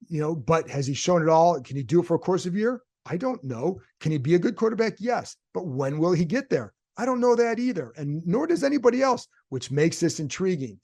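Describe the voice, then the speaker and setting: A man's voice: a little high, a little mellow. A man, a sports reporter hosting his own show, talking through his views in casual solo commentary and answering his own rhetorical questions. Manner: conversational, thinks aloud with rhetorical questions. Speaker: sports reporter and podcast host.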